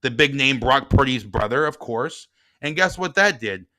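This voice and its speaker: Animated middle-aged man telling a story. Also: medium pitch, normal speed. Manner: animated, swings from quiet to heated. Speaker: podcast guest and author. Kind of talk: casual storytelling.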